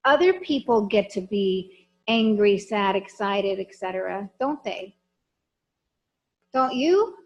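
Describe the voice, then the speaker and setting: A woman's voice: medium pitch, slow, dull audio. A woman trainer giving a conversational lecture, frank and emphatic, often putting questions to her listeners. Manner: lively, talks straight to the audience with questions.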